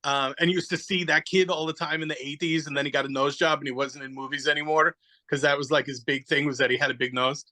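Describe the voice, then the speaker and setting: A man's voice: a little high, fairly even intonation, fast talker, bright, forceful tone, poor audio. A man chatting casually on a podcast, rambling animatedly through a story, searching aloud for names and acting out little quotes. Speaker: podcast guest. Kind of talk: casual chat.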